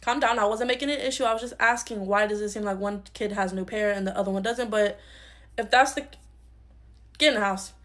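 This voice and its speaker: A woman's voice: mid-range voice, fast talker, a bit bright, natural voice, low-quality recording. A woman playing a bossy scolding uncle. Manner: blunt, confrontational. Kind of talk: comedy skit.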